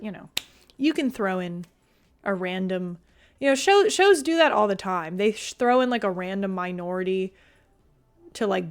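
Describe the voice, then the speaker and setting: A young woman streaming and chatting casually with her viewers, loose and talkative, full of fillers and casual swearing. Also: medium pitch. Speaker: streamer reading chat.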